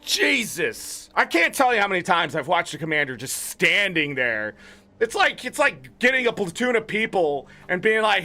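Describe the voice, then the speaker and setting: A man's voice: sits high, sing-song, normal speed, bright, forceful tone, soft background music. A man giving blunt, opinionated commentary on game patch notes as a gaming content creator, swearing freely.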